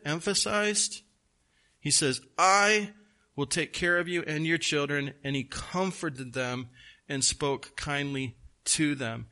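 A pastor preaching a sermon, slowing down to stress key words, with folksy asides. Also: male voice, fairly high pitch, sharp tone.

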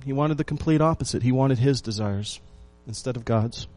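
A male pastor delivering a sermon in an ordinary mid-range voice. He drives his points home with repeated phrases and rhetorical questions to the congregation. His delivery moves between emphatic bursts and quieter, hushed asides. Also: medium pitch, normal speed. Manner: emphatic repetition, swings between loud and hushed.

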